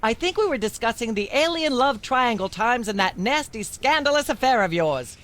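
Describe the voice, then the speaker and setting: A woman's voice: fairly high pitch, expressive, normal speed, a bit bright. A woman voicing a bossy, prim middle-aged talk show host in a video game. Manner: prim, scolding, droning on. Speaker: game character.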